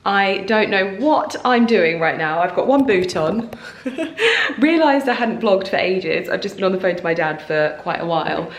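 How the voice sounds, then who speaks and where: A woman, gushing and excitable as she chats through a casual unboxing vlog at home. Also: on the low side, normal speed, few pauses, slight background noise. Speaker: lifestyle vlogger. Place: home, indoors. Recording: roomy home recording.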